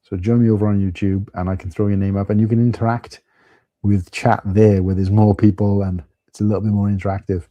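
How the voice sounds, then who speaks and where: A man's voice: lowish voice, level tone, brisk, warm tone, no room sound, highs cut off. A man with a Welsh accent hosting a casual live stream, chatting loosely and greeting viewers by name. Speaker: livestream host. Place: at home.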